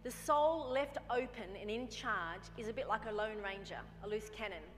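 A woman's voice: mid-range voice, normal speed, in a large hall. A woman preaching a sermon in a conversational way, often acting out little dialogues with herself. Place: church hall.

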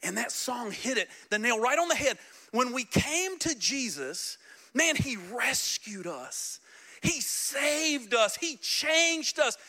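Bright, high-voiced preaching man. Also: slow pace. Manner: animated, joking, talks directly to the congregation. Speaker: pastor. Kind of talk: sermon. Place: church sanctuary.

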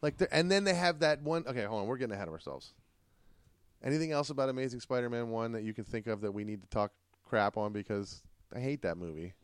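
Brief: middle-aged man, mid-pitched, dad-host energy, lively and teasing, dry close sound. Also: quick pace, clear, resonant tone, dry recording. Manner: animated, joking, laughs often. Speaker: podcast host, father. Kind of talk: casual family podcast chat.

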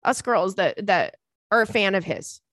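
A young woman hosting a podcast in casual chat, animated and profane, laughing often between thoughts. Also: medium pitch, measured pace, no room sound, clean studio sound. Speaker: podcast host.

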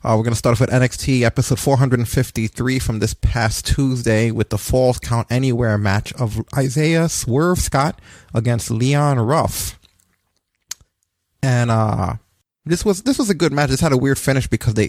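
A man's voice: mid-range voice, normal speed, dry recording. Casual man hosting a podcast. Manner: relaxed, joking, runs the segments. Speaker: podcast host. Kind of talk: casual chat.

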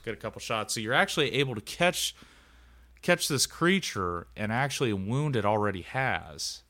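A man's voice: mid-range voice, animated, normal speed, bright, forceful tone. A man narrating a tabletop game as game master, talking casually and rambling with lots of filler words.

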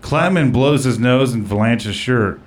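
A man's voice: mid-range voice, unhurried, background noise. A man hosting a comedy podcast in casual chat, rambling with lots of fillers and narrating an absurd roast story. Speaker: podcast host.

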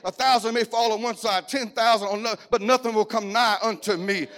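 A middle-aged man preaching a sermon, mixing lively jokes and stories into his message. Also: high voice, a little fast. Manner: lively, joking storytelling preacher style.

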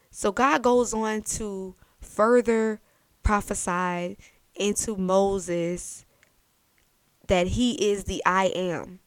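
A woman's voice: mid-range voice, drawn-out words, clear, resonant tone, no room sound. Woman retelling a Bible story. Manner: lively, conversational Bible storytelling. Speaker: podcast host. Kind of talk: faith-based podcast talk.

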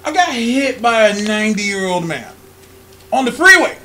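Young man, podcast host, high lively voice, swearing, laughing through stories. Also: normal speed, slight background noise. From California. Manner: animated, profane, laughing while telling a story. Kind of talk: casual storytelling chat.

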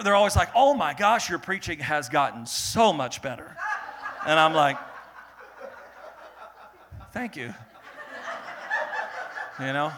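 Young man preaching, bright voice, animated, swings between loud and hushed. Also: high voice, a little hiss or hum. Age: young adult. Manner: animated, laughing, builds to loud peaks then drops to soft earnest tone. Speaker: pastor. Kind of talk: sermon.

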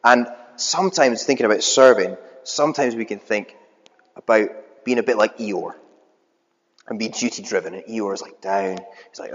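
A man's voice: lowish voice, moderate pace. A man preaching a sermon in a church hall, talking in a conversational way with some filler words. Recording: echoey hall, dull lo-fi.

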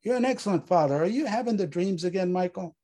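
Panicked pleading wife, put on by a man, high and husky. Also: animated, fast talker, mellow. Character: frantic loving wife pleading on the phone.

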